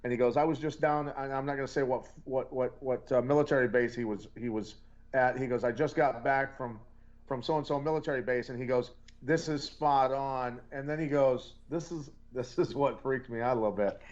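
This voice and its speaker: A man on a podcast retelling a story, halting with many restarts. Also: mid-range voice, fairly even intonation, darkish tone, highs cut off. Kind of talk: casual podcast conversation.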